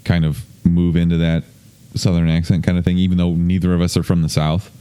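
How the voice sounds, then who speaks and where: A man's voice: low-pitched, level tone, fairly quick, warm tone, smooth, soft background music. A man hosting a podcast in loose, rambling casual chat, swearing freely. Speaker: podcast host. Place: indoor room, streamed on video.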